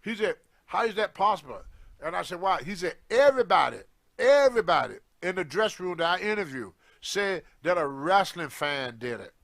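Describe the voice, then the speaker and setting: An older man with a drawl tells an old road story in a casual, animated way, and he acts out each person's lines as he goes. His voice sits high for a man. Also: moderate pace, creaky. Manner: animated anecdote, acting out quoted lines. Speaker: guest storyteller on a wrestling show.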